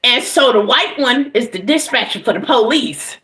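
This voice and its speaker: High, lively woman telling a wild story. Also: normal speed, echoey room. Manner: animated, profane, breaks into loud laughter, keeps addressing listeners. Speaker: livestreamer and tarot reader. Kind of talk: casual storytelling to a live audience.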